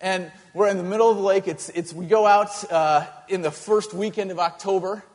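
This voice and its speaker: A male pastor telling a story in a sermon, animated and halting, with many restarts. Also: sits high, long reverb tail.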